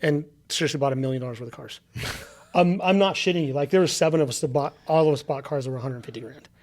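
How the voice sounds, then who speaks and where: A man's voice: a little high, quick pace. A man on a podcast, a guest telling stories in casual chat, acting out what people said to him. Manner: animated storyteller, acts out quotes.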